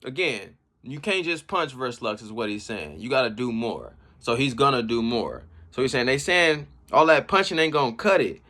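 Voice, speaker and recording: A man giving casual, slangy commentary on rap battle bars. He reacts with laughs and shouts as he explains each line. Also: mid-range voice, sing-song, normal speed, few pauses. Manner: slangy street talk. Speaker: battle rap breakdown host.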